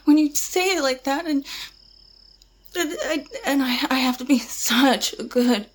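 A woman's voice: high-pitched, measured pace. A woman playing a terrified, tearful pleading woman.

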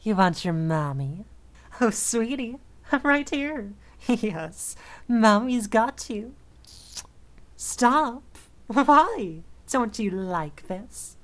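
A woman's voice: on the high side, animated, no room sound. A woman playing a possessive, unstable mistress. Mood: possessive, crooning. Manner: soft, slow, murmuring, teasing delivery. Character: obsessive, possessive dominant woman captor, unstable. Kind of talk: audio role-play.

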